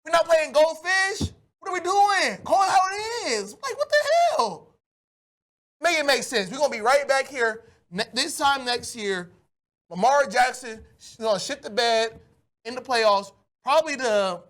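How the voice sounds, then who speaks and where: A man hosting a solo sports podcast, ranting animatedly with loud outbursts. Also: extremely high pitch, animated, unhurried.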